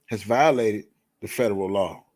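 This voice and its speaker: This livestream show host has a lowish, slightly mellow voice and a moderate pace, with no room sound. He's in the middle of a heated rant, blunt and confrontational, swearing and hammering key words through repetition.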